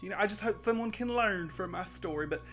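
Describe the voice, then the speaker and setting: A man's voice: sits high, fast talker, a bit bright, soft background music. A man playing a nervous, rambling servant who tells his tale in a comic skit. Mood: sheepish.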